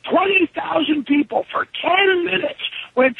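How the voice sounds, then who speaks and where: Raspy, gravelly man on a tinny phone line. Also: very high-pitched, normal speed, few pauses, no room sound. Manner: profane, animated, acts out other people's lines. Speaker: wrestler being interviewed. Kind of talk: profane storytelling interview. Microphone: telephone.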